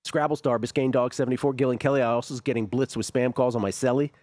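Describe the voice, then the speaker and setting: A man hosting a sports radio talk show, reading listener messages aloud and adding quick remarks. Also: mid-range voice, fairly even intonation, a little mellow, no echo, clean studio sound. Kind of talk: casual talk show banter.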